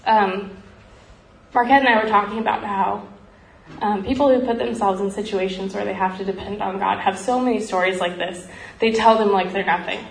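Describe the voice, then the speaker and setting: A woman earnestly telling a missionary story in a heartfelt talk, often pausing with "um" and growing emotional. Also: mid-range voice, fairly even intonation, gravelly. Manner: earnest, frequent ums, grows emotional. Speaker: speaker sharing a missionary story. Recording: roomy echo, faint background noise.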